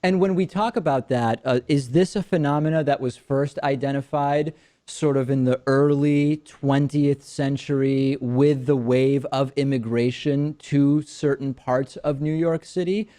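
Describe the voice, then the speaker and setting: A man hosting an interview show, asking measured questions with frequent fillers and repeated words. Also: medium pitch, steady tone, mellow. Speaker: talk show host.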